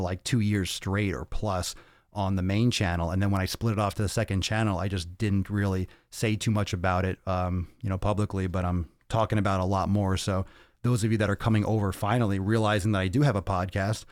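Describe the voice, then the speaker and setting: A male podcast host, out of breath, chatting casually on a livestream and reading viewer comments in an energetic, profane, rambling way into a podcast mic. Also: fairly low pitch, no room sound, clean studio sound. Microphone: podcast microphone.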